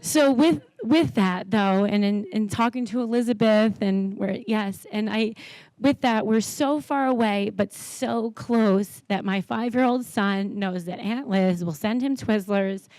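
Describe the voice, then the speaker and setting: A woman's voice: medium pitch, a little slow, darkish tone, dry recording. A woman in her thirties giving a heartfelt, rambling wedding toast.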